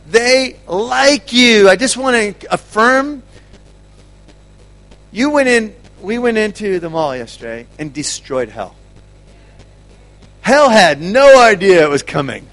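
High-voiced animated man preaching. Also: takes it slowly, long pauses. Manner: animated, laughs often, repeats words. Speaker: ministry speaker. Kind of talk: energetic teaching talk.

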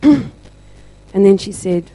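A woman sharing a church testimony, telling her story slowly and deliberately with emphatic pauses. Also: medium pitch, lively intonation, mellow, low-quality recording.

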